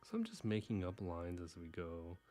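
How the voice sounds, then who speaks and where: Brief: low-voiced man from Texas, faint twang, rambling live-stream chatter, jokes at his own expense. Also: wildly swooping pitch, moderate pace, dark tone, faint music behind. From Houston, Texas. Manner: rambling, self-deprecating, mutters to himself. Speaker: livestream artist. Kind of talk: casual live-stream chat while drawing.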